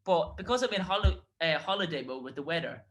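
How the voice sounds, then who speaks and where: A young man chats as a podcast co-host over a video call, his voice sitting fairly high. He rambles from one thing to the next in a loose, easygoing way and breaks into laughter often. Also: animated, fast talker, fairly bright tone. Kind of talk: casual chat. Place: remote, on a video call from abroad.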